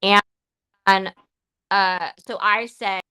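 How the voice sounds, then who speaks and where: A woman talks on her live podcast in a bright, forceful voice, recorded dry and close. She swears often and speaks in halting bursts, stopping and restarting her sentences. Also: medium pitch, fairly even intonation, smooth, dry recording, rough recording. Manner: emotional, profane, halting with many restarts. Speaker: podcast host.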